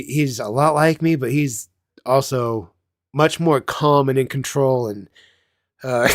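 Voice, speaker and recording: A man's voice: medium pitch, no room sound, clean studio sound. Rambling, foul-mouthed man telling stories. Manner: rambling, profane, laughs at himself. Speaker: channel host. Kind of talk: casual storytelling chat.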